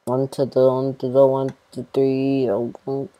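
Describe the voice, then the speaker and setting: A man giving casual commentary on a game as he plays. He rambles, fills gaps with "you know" and "bro", mumbles some asides and gets loud when excited. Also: mid-range voice, moderate pace, hardly any pauses, low-quality recording. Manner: rambling, laid-back, full of fillers like "you know" and "bro"; swings between mumbled asides and excited bursts. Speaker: gameplay commentator. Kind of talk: casual let's-play commentary.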